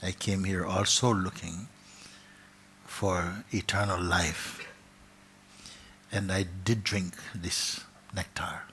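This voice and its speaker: A man voicing an ancient raven, trapped and unable to die, speaking low, hushed and resigned. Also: vocal fry, a little hiss or hum, heavily acted.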